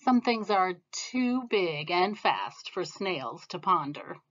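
A woman reading a children's picture book aloud in a gentle, expressive manner. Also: fairly low pitch, slow pace, highs cut off. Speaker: storybook reader. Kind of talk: storybook read-aloud.

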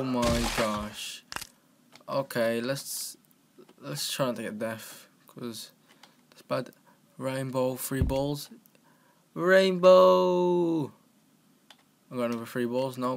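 A man giving casual, excitable let's-play commentary from his computer, talking to the game and yelping at crashes. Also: medium pitch, a little hiss or hum. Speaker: gaming channel host. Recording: home mic with clear keyboard clicking.

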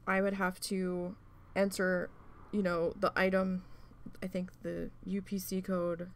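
A woman with a gravelly, creaky voice tells a long story in a casual crafting vlog. She talks in a rambling, loose way, swears freely and fills gaps with ums. Now and then she jumps into short, acted-out bits of dialogue. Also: lowish voice, monotone, measured pace. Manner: rambling, profane, with many fillers; acts out quoted voices in bursts. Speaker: craft vlogger.

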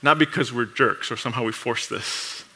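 A man preaching a sermon in a lively, conversational way, laughing often and acting out short exchanges with coworkers. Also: medium pitch, husky. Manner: acts out coworkers' voices in quick asides. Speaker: pastor.

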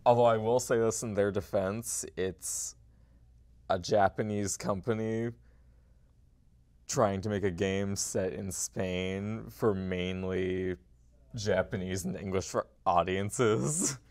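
Young man, very deep voice, gravelly, slow, hesitant panel talk. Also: steady tone, a little mellow. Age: young adult. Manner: hesitant, many ums and uhs. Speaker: media intern, panelist. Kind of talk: casual panel discussion.

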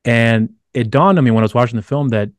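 A man's voice: medium pitch, fast talker, dry recording. A man hosting a podcast, asking long rambling questions full of restarts. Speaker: podcast host. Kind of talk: casual interview chat.

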